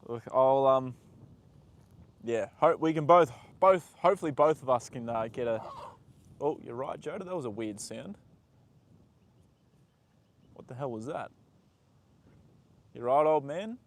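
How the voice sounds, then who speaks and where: A young man live-streaming from a horse paddock, chatting with viewers and talking softly to his horse. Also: mid-range voice, animated, measured pace, pauses often. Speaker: livestream host. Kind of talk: casual live stream chat.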